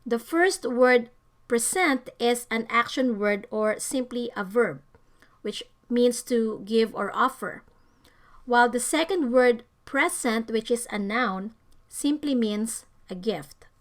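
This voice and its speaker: A woman narrating a scripted English vocabulary lesson, giving careful, deliberate stress to each example word. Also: a little high. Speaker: English teacher.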